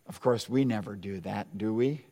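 A man preaching a sermon as pastor, in an emphatic, deliberate style with dramatic pauses. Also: on the low side, mellow. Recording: long hall reverb.

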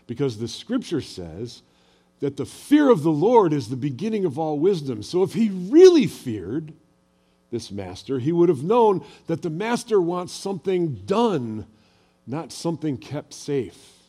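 A man's voice: on the high side, dark tone, breathy edge. An older man preaching a sermon as a pastor, telling personal stories in a conversational way and asking the audience questions.

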